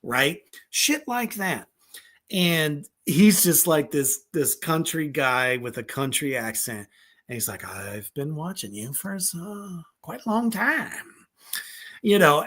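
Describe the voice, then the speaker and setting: A man hosting a horror film review show, talking casually with profanity, lots of fillers and frequent laughs. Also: medium pitch. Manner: profane, excitable, rambling with many fillers; laughs often.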